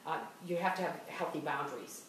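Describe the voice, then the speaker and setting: A middle-aged woman from Boston with a clear Boston accent chats casually, restarting sentences and breaking into laughs. Her voice sits on the low side. She sounds distant from the mic in a very echoey room. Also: fairly quick, crowd noise. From Boston area. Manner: chatty, restarts often, laughs while talking. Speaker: host. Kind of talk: casual podcast chat.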